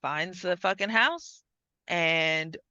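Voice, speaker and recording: A woman's voice: lowish voice, lively intonation, slow, bright, forceful tone, no echo, highs cut off. A woman hosting a podcast, chatting casually, swearing freely and acting out lines as she retells a story. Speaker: podcast host. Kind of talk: casual chat.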